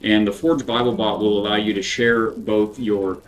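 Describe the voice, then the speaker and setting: A man hosting a game livestream, talking in an earnest, unhurried, casual way. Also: on the low side, little pitch movement, poor audio. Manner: earnest, unhurried talk with a devotional bent. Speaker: game streamer.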